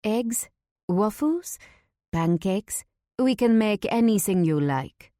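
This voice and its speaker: A woman voicing a sweet, cheerful young waitress with a French accent, bright and bubbly. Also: medium pitch, animated, slow, dry recording, studio quality, pitched above the performer's own voice.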